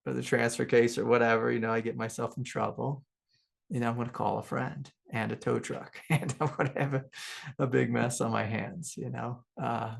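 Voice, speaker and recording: A middle-aged man with a gravelly edge to his mid-range voice talks as a spiritual teacher. He wanders through a personal story in loose, casual speech, full of fillers and soft laughs. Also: medium pitch, level tone, moderate pace. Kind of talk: relaxed satsang talk with personal stories.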